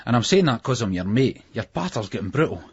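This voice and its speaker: A man reading a blunt, husky teen mate. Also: medium pitch, very animated, fast, highs cut off, full character voice. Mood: stern. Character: young male friend, blunt and warning.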